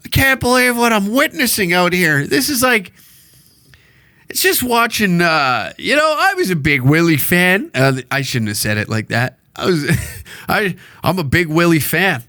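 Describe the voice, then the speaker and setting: Blunt, profane guy with a bright edge. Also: high voice, expressive, measured pace, no echo, clean studio sound. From Canada. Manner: profane, rambling, jokey and blunt. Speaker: podcast host. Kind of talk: solo podcast rant. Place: alone in a small recording room.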